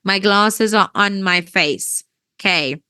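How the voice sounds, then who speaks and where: A woman teaching an English grammar lesson, patient and checking that everyone understands, her voice tiring and needing a throat-clear now and then. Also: medium pitch, slow pace, sharp tone, no echo. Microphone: wears headphones.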